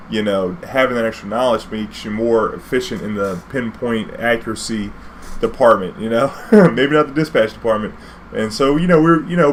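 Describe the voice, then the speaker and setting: A man's voice: medium pitch, slight background noise. Laid-back New storyteller man. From New Orleans. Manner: laid-back, rambling, heavy use of fillers and slang. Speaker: vlogger, former cab driver. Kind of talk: casual storytelling vlog.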